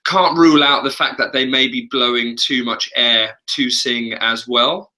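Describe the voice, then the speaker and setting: Male vocal coach, very bright forward tone, chatty and loose, casual webinar talk. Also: mid-range voice, fairly even intonation, measured pace. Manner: chatty, laughs often.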